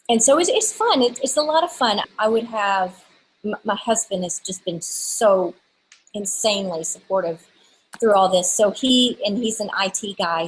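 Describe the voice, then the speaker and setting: A woman's voice: mid-range voice, poor audio. A woman in her thirties chatting casually as an interview guest, telling a story with lots of restarts. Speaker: guest, stamp designer.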